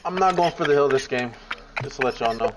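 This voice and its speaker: A man chatting casually with friends while gaming, blunt and quick to swear. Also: medium pitch, expressive, noisy background. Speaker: gamer. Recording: loud gunfire from the game.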